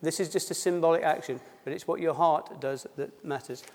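A man's voice: a little high, a little fast. A man preaching a sermon at a baptism service, a pastor who drops his H's and reads scripture before explaining it in plain, conversational words. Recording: long reverb in a church hall.

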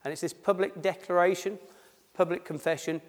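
A high, steady-toned male voice moves briskly through a sermon at a baptism service. The pastor drops his H's and explains each scripture reading in plain, conversational speech, recorded with long reverb in a church hall.

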